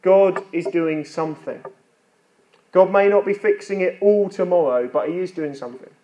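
Male preacher, fairly high voice, earnest and chatty with self-deprecating humor, faint background noise. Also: normal speed, dark tone, poor audio. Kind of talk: sermon.

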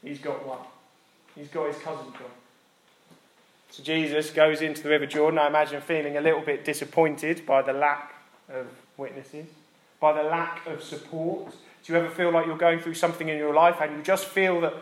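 A man with an Essex accent preaching a sermon, jokey and lively, then dropping soft and quiet to drive a point home. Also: on the high side, moderate pace, very echoey, rough recording. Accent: Essex English. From Essex, England. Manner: animated, jokey, drops to soft intimate delivery for emphasis. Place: church.

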